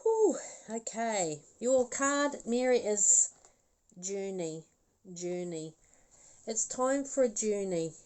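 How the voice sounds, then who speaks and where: A woman giving a live psychic reading, talking slowly in a mellow, relaxed voice. She rambles chattily, breaks into laughter and apologizes as she goes. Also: mid-range voice, poor audio. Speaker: psychic medium.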